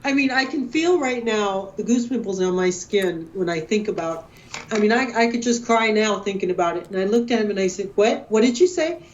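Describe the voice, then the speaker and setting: A middle-aged woman and guest researcher telling a story with emotion and excitement, often quoting herself. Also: mid-range voice, a little fast, muffled recording. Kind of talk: animated storytelling interview.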